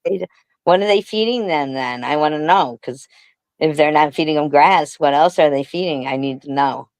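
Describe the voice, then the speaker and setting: A woman's voice: sits low, moderate pace, a little mellow, dry recording. A woman hosting a casual livestream, chatting and laughing with a co-host and reading bits aloud.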